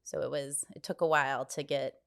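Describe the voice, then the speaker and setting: Low-voiced relaxed woman podcaster. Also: brisk, gravelly, smooth. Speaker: podcast co-host. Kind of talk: casual chat. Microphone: podcast microphone.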